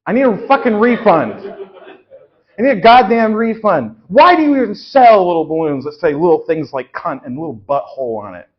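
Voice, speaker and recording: Man doing an indignant refund-seeking customer, loud, repetitive, high-pitched, dull lo-fi live recording. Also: very animated, a little fast, hardly any pauses, husky. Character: indignant man returning rude balloons. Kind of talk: live improv comedy.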